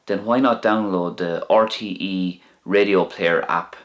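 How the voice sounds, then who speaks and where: A man teaching vocabulary, speaking slowly and clearly and repeating each word for learners. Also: sits low, a bit bright. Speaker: Irish language teacher. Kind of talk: slow, clear language lesson.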